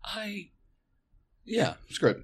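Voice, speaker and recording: A man's voice: sits high, big pitch swings, drawn-out words, breathy edge. A man playing a tabletop role-playing game, joking and irreverent as he describes his character's actions. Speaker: player.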